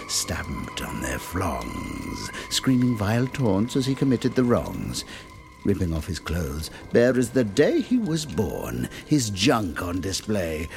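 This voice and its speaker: A man with a low voice telling a dark rhyming Christmas tale. His delivery is theatrical and very animated, taken at an unhurried pace over faint music. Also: gravelly. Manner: theatrical, dramatic. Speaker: storyteller. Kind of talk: rhyming horror-comedy narration.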